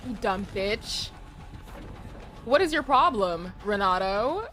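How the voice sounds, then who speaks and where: A young adult woman streaming a game, chatting casually with her viewers in animated, profane, slangy banter. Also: mid-range voice, takes it slowly, faint music behind. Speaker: gaming streamer. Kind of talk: casual livestream chat while gaming.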